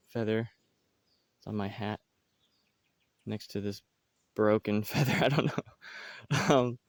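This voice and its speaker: Man, smooth clear voice, relaxed and meandering tour-guide talk, outdoors. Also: mid-range voice, no room sound. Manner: loose and meandering, with many fillers and restarts. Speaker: farmer giving a farm tour. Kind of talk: casual walking tour narration. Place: outdoors on a jungle farm.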